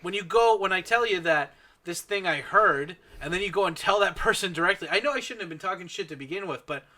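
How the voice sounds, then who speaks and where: Bright-toned man, profane storyteller. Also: sits high, fast talker. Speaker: guest. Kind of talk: casual podcast chat.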